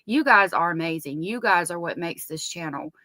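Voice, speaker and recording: A woman's voice: lowish voice, expressive, normal speed, sharp tone, no echo. A woman with a Southern US accent hosting a casual true crime live stream, chatting and greeting viewers by name.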